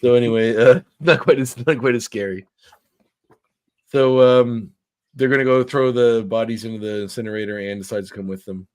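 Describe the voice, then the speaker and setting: A man's voice: mid-range voice, normal speed, a little mellow, smooth. A man co-hosting a podcast, casually recapping a comic with lots of fillers and restarts. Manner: rambling recap with fillers, reads quotes aloud. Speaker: podcast co-host. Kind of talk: casual comic review chat.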